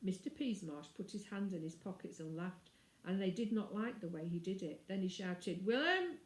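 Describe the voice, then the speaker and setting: A woman reading a classic children's novel aloud in a clear, measured storytelling manner. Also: fairly low pitch, fairly even intonation, mellow. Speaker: reader. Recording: roomy echo.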